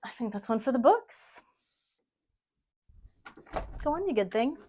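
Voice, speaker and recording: A woman's voice: a little high, big pitch swings, a little slow, darkish tone. A woman giving a casual tour of her home sewing studio, rambling, self-deprecating and laughing often. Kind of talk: casual chat.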